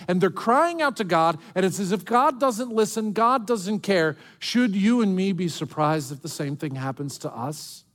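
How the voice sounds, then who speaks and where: A male pastor preaching a sermon, swinging between soft, hushed lines and emphatic outbursts. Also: sits high.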